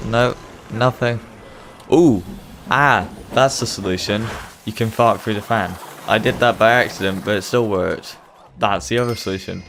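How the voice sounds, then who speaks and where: A man's voice: on the low side, moderate pace, a bit bright, a little hiss or hum. A young man, chatty and self-mocking, commenting on his own gameplay. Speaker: gaming channel host. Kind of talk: let's-play commentary. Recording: gameplay video with faint game music behind.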